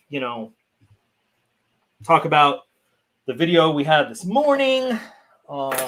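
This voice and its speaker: Male streamer host, slightly high voice, casual rambling chat, desk mic. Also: pushed and bright. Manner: chatty, rambling, talks to his cat. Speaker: channel host.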